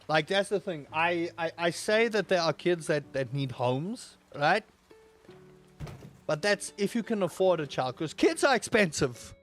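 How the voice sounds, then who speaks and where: A man streaming a game, telling rambling, animated stories with sudden loud outbursts. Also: high-pitched. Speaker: gaming streamer. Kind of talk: casual stream chat while playing.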